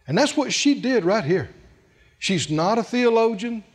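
A man preaching a sermon, calling on the congregation to answer back and swinging between loud bursts and quiet low lines. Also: animated, measured pace, breathy edge, long reverb tail.

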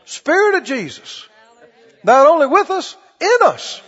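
A man preaching a sermon in an animated way, drawing call-and-response from his congregation. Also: very high voice, a little slow. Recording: dull audio with long hall reverb.

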